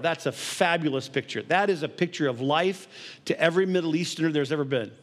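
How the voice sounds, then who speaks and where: Guy pastor with a high voice, chatty preaching style, acts out bits. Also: fairly quick. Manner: conversational preaching with acted-out quotes and laughs. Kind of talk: sermon.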